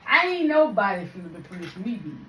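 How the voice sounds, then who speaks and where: A woman's voice: mid-range voice, sing-song, a little fast, a bit bright, echoey room, slight background noise. A young woman from Louisiana, chatting casually to her viewers in a slangy, laughing vlog. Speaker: makeup artist vlogger.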